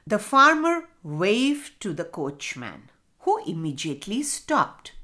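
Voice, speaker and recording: A woman narrating a children's story in a slow, expressive storytelling manner. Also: lowish voice.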